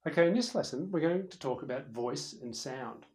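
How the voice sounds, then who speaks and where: A man's voice: on the high side, normal speed, poor audio. A man giving a conversational lesson on presentation skills, talking directly to the viewer and to someone in the room. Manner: conversational, animated, demonstrates loud and soft voices. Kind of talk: recorded lecture. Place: room with a camera operator.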